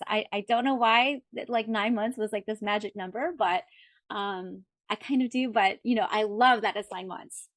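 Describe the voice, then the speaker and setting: Higher-voiced rambling woman host, dry sound. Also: dry recording. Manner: rambling, many "like" and "you know" fillers. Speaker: podcast host interviewing. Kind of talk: casual interview chat.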